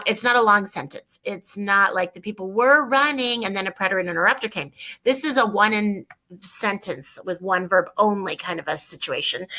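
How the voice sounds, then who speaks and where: A woman's voice: mid-range voice, sharp tone, poor audio. A woman teaching a Spanish grammar lesson, explaining each step and repeating key points, sometimes spelling words out letter by letter.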